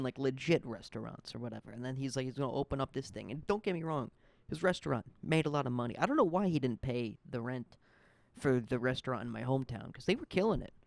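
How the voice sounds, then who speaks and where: Gravelly young man ranting. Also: medium pitch, no echo. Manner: profane, fired-up, rambling. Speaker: podcast host. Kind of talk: casual ranting monologue.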